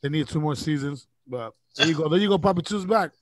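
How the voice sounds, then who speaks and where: A man's voice: fairly high pitch, fast, a crowd in the background. A man hosting a podcast, chatting in a laid-back, easygoing way. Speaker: podcast host. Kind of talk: casual podcast chat.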